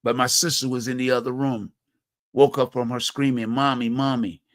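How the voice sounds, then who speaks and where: Speaking at a normal speed in a flat, mid-range voice, this middle-aged Virginia man from Hampton Roads hosts a community talk show. He gives a blunt personal monologue on community violence that's repetitive, slangy, and conversational. The sound is clean studio audio with no room sound.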